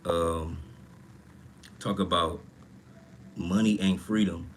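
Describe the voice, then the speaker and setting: A man's voice: low voice, steady tone, takes it slowly, a little hiss or hum. A young man hosting a casual livestream, talking in a profane, rambling way and reacting to chat comments. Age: young adult. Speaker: livestream host. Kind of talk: casual livestream talk about money.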